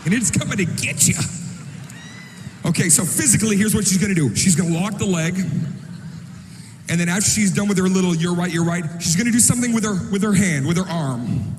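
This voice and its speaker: Loud animated stand-up comic in an echoey hall. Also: male voice, high-pitched, brisk, pauses often. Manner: loud, animated, shouting punchlines. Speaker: stand-up comedian. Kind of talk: stand-up comedy routine. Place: large comedy venue on stage. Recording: live stand-up clip, echoey hall, audience noise.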